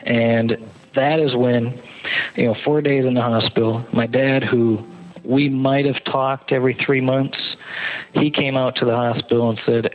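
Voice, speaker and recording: A man recounts a near-death ordeal in a halting way, often repeating words as he goes. His voice sits at an ordinary middle pitch. It comes through a thin, phone-like line. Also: steady tone. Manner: halting, repeats words, acts out shouted quotes. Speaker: guest telling his survival story. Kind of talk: emotional first-person storytelling. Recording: narrow phone-line sound.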